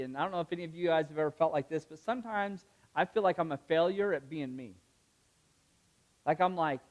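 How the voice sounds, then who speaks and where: A young male pastor preaching in a lively, conversational way, packed with "like" and quick asides. His voice sits high and swings up as he gets excited. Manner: animated, conversational preaching with many fillers. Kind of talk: sermon.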